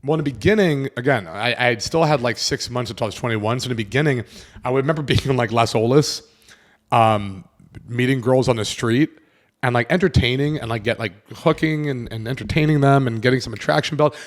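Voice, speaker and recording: A man in his twenties hosting a podcast, telling a personal story in a casual, animated way and acting out the voices of the people in it. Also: mid-range voice, fairly quick. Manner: animated, acts out quoted voices, swears casually. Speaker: podcast host.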